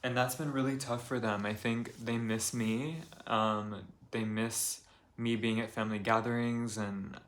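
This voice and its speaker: A young man in his apartment, talking calmly and confessionally to camera in a soft, rambling way full of fillers. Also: medium pitch, measured pace. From United States. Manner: calm, soft-spoken, rambling with many fillers. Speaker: vlogger. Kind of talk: confessional vlog talk.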